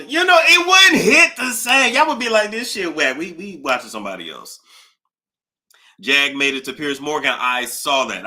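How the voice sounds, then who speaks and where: Chatty male livestream host with a bright, forward voice; animated and talkative. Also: medium pitch. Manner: animated, chatty, reading out donor thanks. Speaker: YouTube gossip host. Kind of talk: casual livestream chat.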